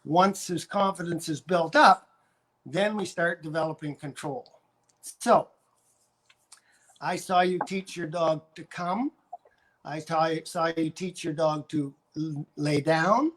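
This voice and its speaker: Older man explaining dog training. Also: high-pitched. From Canada. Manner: explanatory, repeats points, demonstrates with his dog. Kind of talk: live-stream Q&A coaching.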